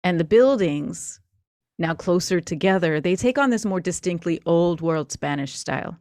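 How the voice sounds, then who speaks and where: A woman runs a tabletop horror game, painting scenes in a chatty, descriptive way and often pausing on fillers. Her voice sits a little low for a woman. It comes through dry and close, with no room sound. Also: animated, a little mellow, dry recording. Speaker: game master.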